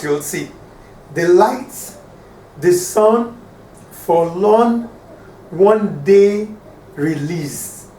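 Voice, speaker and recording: A man teaching a lesson on poetry, explaining slowly and counting syllables aloud. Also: high-pitched. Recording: roomy, distant voice with faint ambient noise.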